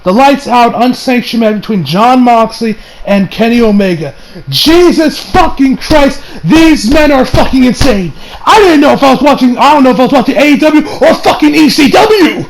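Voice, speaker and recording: Male reviewer, higher voice, excitable, profane, rambling casual monologue. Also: normal speed, vocal fry, a little hiss or hum, poor audio. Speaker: wrestling reviewer.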